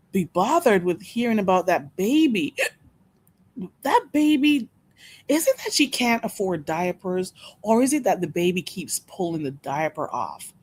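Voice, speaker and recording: A woman hosting a casual live stream, chatting with her viewers, gossiping and laughing often. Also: medium pitch.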